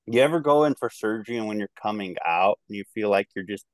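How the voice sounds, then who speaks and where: Talking fast and animated in a lowish voice, a music podcast reviewer rambles through a casual album review, full of fillers and restarts. He's in his thirties, with a slight twang and a twangy Midwestern American accent, recorded dry.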